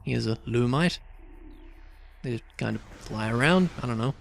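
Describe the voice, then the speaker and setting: A man's voice: medium pitch, normal speed, gravelly, slight background noise. A young man casually commenting on a video game as he plays, chatty and rambling, with lots of fillers and asides. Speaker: let's play host.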